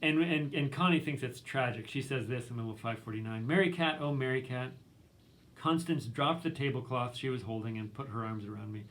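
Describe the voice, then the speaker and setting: A man's voice: medium pitch, a little fast, a bit bright. A male literature professor giving a recorded lecture in a casual, conversational way, full of ums and likes, reading quotes aloud.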